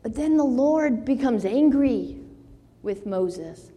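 Slow-preaching woman in an echoing hall. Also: on the high side, expressive, mellow. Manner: slow earnest preaching, rising to pleading in quoted scripture. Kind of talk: sermon. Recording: long hall reverb.

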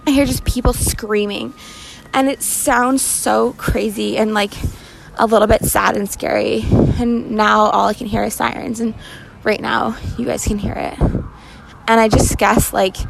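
A young woman talks into her phone while walking down a busy city street, hosting a loose solo podcast episode. Her voice sits a little high and slips into gravelly fry, and her talk rambles with easy laughs. Sirens and traffic hum faintly behind her. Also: steady tone, a little slow. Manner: rambling, candid, laughs often. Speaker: podcast host. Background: sirens, cars, restaurant fan.

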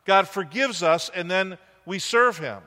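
Bright-voiced man preaching in a reverberant hall. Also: high voice, unhurried. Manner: conversational preaching, asks the congregation questions. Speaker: pastor. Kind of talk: sermon. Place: church sanctuary.

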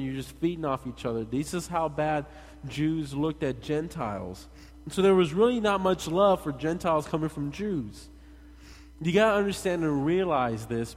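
A man preaching a sermon in a lively, conversational way, talking straight to his congregation. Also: a little high. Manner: animated, conversational, addresses the congregation directly. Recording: long hall reverb.

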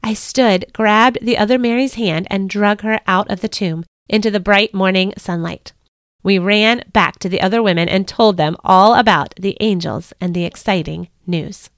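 Lady podcast host reading a bible story aloud, earnest and steady, dry close sound. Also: mid-range voice, moderate pace, dry recording. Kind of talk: scripted first-person story reading.

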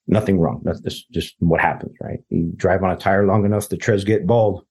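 A man's voice: sits low, steady tone, normal speed, darkish tone, husky. A man, a guest telling a personal story in casual, rambling talk, often quoting other people. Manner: rambling, quotes others in dialogue. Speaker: interview guest.

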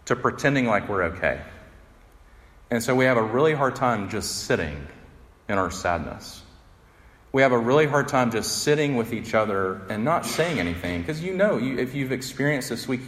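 Earnest pastor in a reverberant hall. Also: male voice, medium pitch. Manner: earnest, conversational, voice rising when acting out quotes. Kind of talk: sermon.

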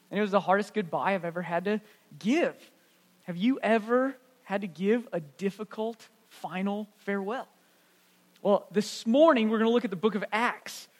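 A man's voice: sits high, fairly bright tone, in a large hall. A man pastor telling a story in an earnest, conversational sermon.

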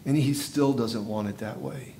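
A male pastor giving a sermon, telling a story vividly and swinging from hushed, slow passages to loud, intense ones. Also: medium pitch, creaky, a little hiss or hum.

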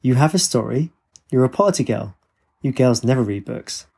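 A man doing a deadpan aloof young witchy student. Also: mid-range voice, a little fast, gravelly. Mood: condescending. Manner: dry, deadpan, condescending.

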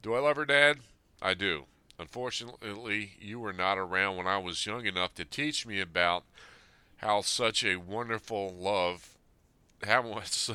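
A man's voice: fairly low pitch, expressive, unhurried, sharp tone, clean tone, dry recording. A man in his fifties reads a personal letter aloud and then reflects on it, earnest and plain-spoken. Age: 50s. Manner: earnest, plain-spoken, speaking straight to his late father. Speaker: Army veteran sharing a personal letter.

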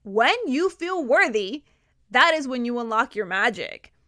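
A woman's voice: on the high side, measured pace, no echo, studio quality. A woman hosting a motivational podcast, talking energetically and emphatically, repeating key words. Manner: energetic, enthusiastic, emphatic repetition. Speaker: podcast host.

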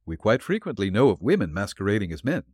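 A man's voice: fairly low pitch, sing-song, darkish tone, husky, no echo. A man reading as a dry, shrewd detective. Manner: dry, explanatory, deliberate. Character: shrewd calm male detective, dry and assured.

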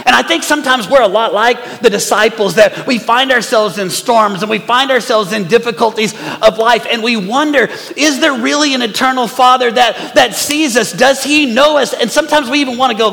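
Male pastor, forties, high gravelly voice, animated sermon, long hall reverb. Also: normal speed, few pauses. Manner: animated preaching, swings from loud to hushed. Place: church sanctuary.

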